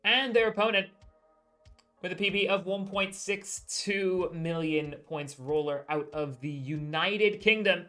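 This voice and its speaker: Guy doing esports commentary, kinda high bright voice, jokey, hypes the countdowns. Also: a little slow, soft background music. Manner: joking, self-deprecating; announcer-style hype on countdowns. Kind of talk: live play-by-play commentary.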